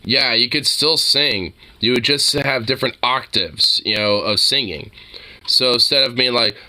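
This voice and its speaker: A man co-hosting a casual reaction commentary, excitable and profane, with lots of "like" fillers. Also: mid-range voice, a little slow, slight background noise. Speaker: co-host reacting to videos.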